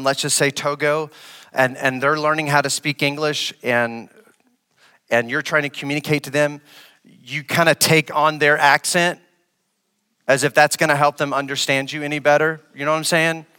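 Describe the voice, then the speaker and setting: A male pastor from West Africa preaches a sermon in a large hall, his voice bright and slightly high, with a steady tone, normal speed and clean sound. He questions the congregation and repeats phrases for emphasis, swinging between loud, raised lines and quiet, low ones.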